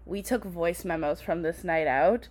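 A woman's voice: fairly low pitch, measured pace, a little mellow. A young adult woman co-hosting a podcast, bantering casually and giggling at herself. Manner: giggly, self-mocking banter. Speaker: podcast co-host. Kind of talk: casual chat.

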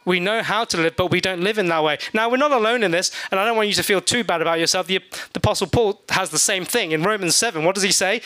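Guy pastor preaching, kinda high bright voice, chatty and joking, dry close sound. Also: fast talker, few pauses, dry recording. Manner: conversational, with humorous asides; acts out voices in his stories. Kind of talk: sermon.

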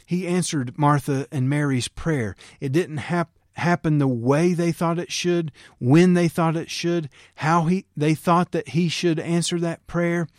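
A pastor preaching a sermon in an earnest, encouraging way, sometimes acting out pleading prayers. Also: male voice, on the high side, fairly even intonation, measured pace, few pauses, no room sound, studio quality.

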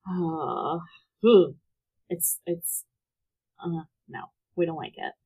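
A woman's voice: lowish voice, slow, dark tone, slightly rough, low-quality recording. A woman co-hosting a podcast, retelling a movie's plot in casual, profane talk that is full of "like" fillers. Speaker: podcast co-host. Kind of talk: casual movie recap chat.

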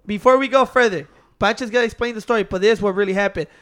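A man's voice: high-pitched, very fast, a bit bright. A man, bantering in casual chat, teasing, swearing and cutting in on the storyteller. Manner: teasing, profane, interrupting.

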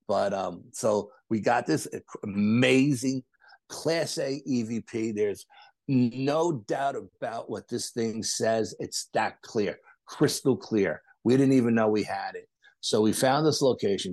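A man with a low voice recounts his investigations as a podcast guest, slipping into other people's voices as he tells the story. The recording is dry and close, with no room sound. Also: no echo. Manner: animated anecdotes with acted-out quotes. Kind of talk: casual storytelling interview.

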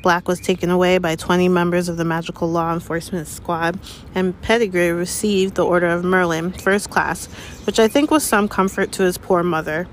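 For an audiobook, a woman takes on the role of a grave, official male minister in middle age, pompous and anxious, delivering lines bitterly and sharply. She speaks on the low side with fairly even intonation and moderate pace, close to her normal voice, over a little hiss or hum.

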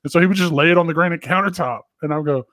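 Man, casual co-host; storyteller, swears a lot, slightly high voice, dry sound. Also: very fast, a bit bright, no room sound. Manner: profane, joking storyteller. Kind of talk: casual chat.

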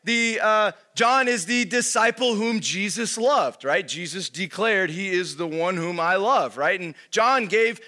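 A man's voice: high-pitched, animated, a little slow, few pauses, sharp tone. A young adult man giving a casual sermon, talking conversationally, full of fillers and constantly checking in with "right?". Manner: conversational, keeps asking "right?", lots of fillers. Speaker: pastor.

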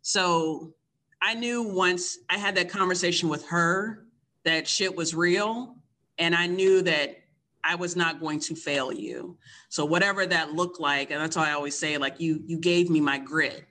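A woman's voice: lowish voice, measured pace, bright, forceful tone. A woman in her fifties from Kentucky, the host's mother, telling her own story frankly and candidly in casual conversation, often laughing.

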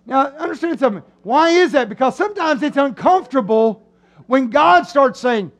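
A man preaching a sermon in a church, animated and acting out the voices of his listeners. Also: very high-pitched, normal speed. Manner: animated, acts out voices of the crowd. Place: church sanctuary.

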